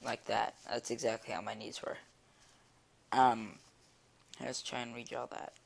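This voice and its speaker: A teenage boy telling a story in a casual vlog, rambling and excitable, with many fillers. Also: medium pitch, measured pace, vocal fry. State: eating while talking. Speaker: vlogger. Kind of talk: casual storytelling while drawing.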